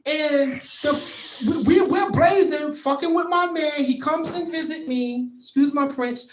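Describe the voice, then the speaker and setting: A man's voice: very high voice, a little slow. A man, telling stories in casual talk-show chat, full of "you know" fillers and street slang. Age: 50s. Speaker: co-host. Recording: roomy echo.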